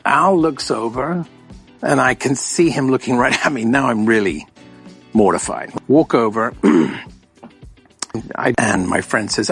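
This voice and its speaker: Gravelly man telling a story. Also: medium pitch, unhurried, long pauses, faint music behind. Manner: animated storyteller, quoting others. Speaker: guest actor. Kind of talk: telling a personal anecdote.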